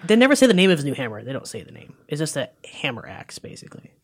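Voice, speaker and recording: Animated man retelling a movie casually. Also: a little high, rapid-fire, breathy edge. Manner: animated, acts out lines in put-on voices, many fillers. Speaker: film recapper.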